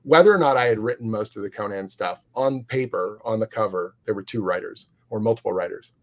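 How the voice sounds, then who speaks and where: Low-voiced man rambling enthusiastically. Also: brisk. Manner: rambling, enthusiastic, many fillers and restarts. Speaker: comic book writer, guest. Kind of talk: casual interview storytelling.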